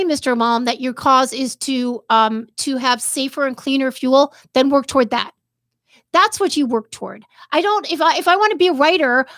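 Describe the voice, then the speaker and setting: A woman hosts a live podcast stream, answering viewer comments with impassioned, heated commentary. Her voice sits a little high, and she often breaks off and restarts her sentences. The sound is dry and close. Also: a bit bright, dry recording. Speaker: podcast host.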